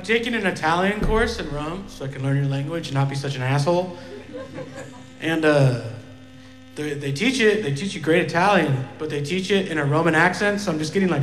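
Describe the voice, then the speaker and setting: A man's voice: fairly high pitch, brisk, reverberant, long reverb tail, soft background music, low-quality recording. A man doing a rambling, profane stand-up set and acting out voices along the way. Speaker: stand-up comedian.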